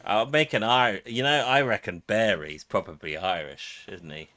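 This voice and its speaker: A man's voice: fairly low pitch, moderate pace, sharp tone. A man streaming a game, jokey and rambling. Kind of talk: casual gameplay commentary.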